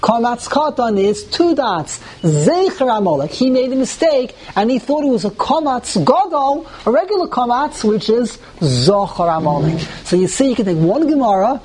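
A man teaching a Talmud class to students in a room, animated and repeating words as he thinks aloud, often asking the class questions and answering them himself. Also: extremely high pitch, moderate pace, few pauses, slight background noise. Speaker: Torah teacher.

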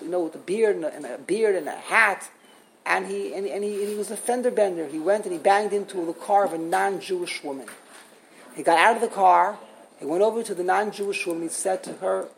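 A woman's voice: lowish voice, brisk, a little mellow, a little hiss or hum, low-quality recording. A woman teaching a religious class. She tells a story earnestly and often repeats words while she searches for the next thought.

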